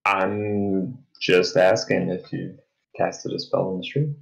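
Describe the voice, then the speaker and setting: A man's voice: low voice, level tone, takes it slowly, creaky, highs cut off. A man running a tabletop game as game master, asking his players dry, probing questions.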